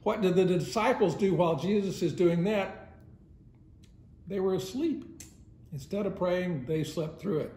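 A man's voice: sits high, a little slow, pauses often, warm tone. A man teaching a Sunday school lesson in a casual, conversational way, often chuckling as he retells the story. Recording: roomy echo.

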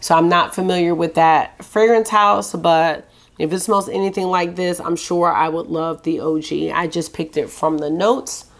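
A woman's voice: on the low side, fairly even intonation, normal speed. A woman vlogger giving a casual, enthusiastic fragrance review, chatting and listing scent notes. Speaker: beauty vlogger.

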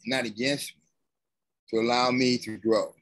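A man speaks haltingly on a video call, often losing his words, with an aggrieved edge. His pitch sits in the middle range, and the sound is dry and close. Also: little pitch movement, a bit bright, no room sound, rough recording. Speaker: conference attendee. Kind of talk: emotional personal testimony.

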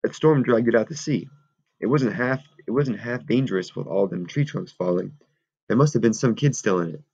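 A man's voice: fairly low pitch, moderate pace, gravelly, darkish tone, husky. A man reading aloud and voicing an anxious, chubby asthmatic schoolboy with eager, working-class talk. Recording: dull lo-fi recording.

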